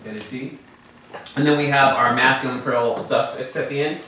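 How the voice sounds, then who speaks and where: A man's voice: medium pitch, fairly even intonation, a little fast, bright, forceful tone, a little hiss or hum. A man teaching a Hebrew class, patiently explaining letters and vowels and quizzing his students. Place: classroom in a congregation building. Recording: very echoey room, mic far off.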